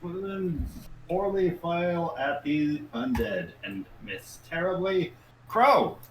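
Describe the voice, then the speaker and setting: A man running a tabletop game with lively pitch at an unhurried pace, narrating the action dramatically. His voice carries a roomy echo, with faint room noise behind it. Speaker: game master.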